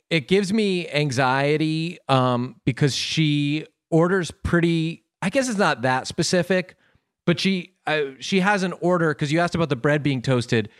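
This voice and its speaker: A man who is a podcast guest, chatting casually in a self-deprecating way with lots of halting restarts. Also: fairly high pitch, smooth, no room sound, studio quality. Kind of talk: casual comedic chat.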